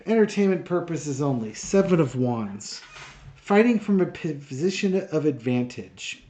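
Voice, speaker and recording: A man with a slightly high, very animated voice and a warm tone speaks a little slowly on his own tarot channel. Casual and sarcastic, he sounds exasperated and rambles through fillers while setting up a reading.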